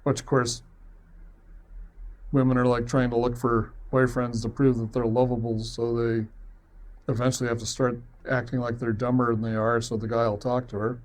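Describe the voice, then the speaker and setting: A man's voice: mid-range voice, flat delivery, moderate pace. A man telling a personal story in a rambling, conversational way, self-deprecating and chuckling now and then. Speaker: web series producer.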